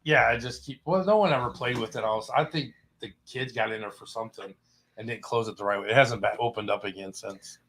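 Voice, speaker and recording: A man's voice: mid-range voice, fairly quick, a bit bright. A middle-aged man co-hosting a casual family podcast, putting in short, dry remarks. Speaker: podcast co-host. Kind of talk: casual chat.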